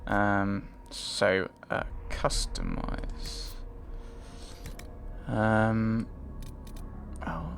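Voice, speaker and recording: Gravelly man musing over a game. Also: lowish voice, huge pitch swings, drawn-out words, long pauses, a bit bright, slight background noise. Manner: thinking aloud, hesitant, trailing off. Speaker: let's play host. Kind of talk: casual gameplay commentary.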